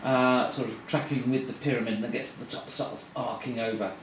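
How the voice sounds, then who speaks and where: A man's voice: mid-range voice, fairly even intonation, a little fast. A man acting as game master for a tabletop game, narrating the action and explaining rules with many fillers. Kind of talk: running a tabletop game live. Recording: echoey room, far from the mic, noisy.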